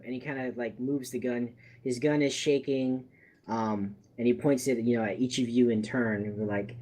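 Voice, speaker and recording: A man running a tabletop game as game master, narrating in a relaxed way with lots of fillers. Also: medium pitch, moderate pace.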